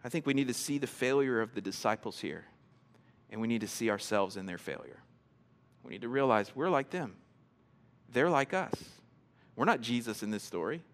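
A man preaching a sermon in a conversational, animated way, often repeating words as he starts a thought and acting out people's reactions. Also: moderate pace, pauses often. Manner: animated, acts out quoted reactions in a higher voice. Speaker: pastor.

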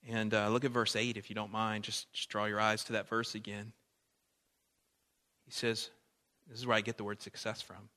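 A man preaching a sermon as pastor, animated, swinging between loud emphasis and soft asides. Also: lowish voice, moderate pace, pauses often.

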